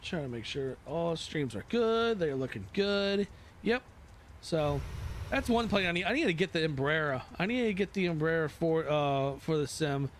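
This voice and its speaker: A man chatting casually on a live flight sim stream, his voice sitting a little higher than most men's. He rambles from one thought to the next and pokes fun at himself along the way. A faint hiss of noise stays underneath. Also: lively intonation, moderate pace. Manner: rambling, self-mocking asides.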